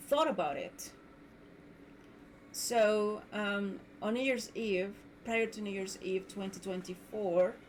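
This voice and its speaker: A woman's voice: mid-range voice, slight background noise. Indignant woman ranting. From Mexico. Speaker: podcast host. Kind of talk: solo podcast monologue.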